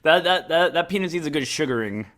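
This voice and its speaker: A man's voice: fairly high pitch, animated, quick pace, fairly bright tone. Young man with jokey comebacks. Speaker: co-host. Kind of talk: casual live-show banter.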